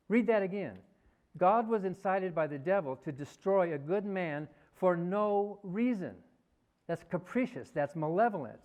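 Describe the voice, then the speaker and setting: A man with a somewhat high-pitched voice speaks at a debate. He recites one quoted passage after another with forceful emphasis, pressing each point home. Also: animated, moderate pace. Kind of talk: debate speech. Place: university hall.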